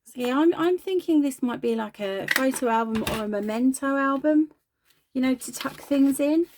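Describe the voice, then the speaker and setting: A woman's voice: high voice, moderate pace, darkish tone, a little hiss or hum. A woman chatting casually while crafting, self-deprecating and talking as she works. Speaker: craft video host.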